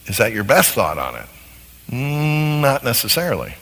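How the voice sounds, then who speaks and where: A man's voice: mid-range voice, big pitch swings, a little fast, fairly bright tone. A man teaching a lesson on marriage who often asks his listeners rhetorical questions. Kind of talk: lecture on marriage. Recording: long hall reverb.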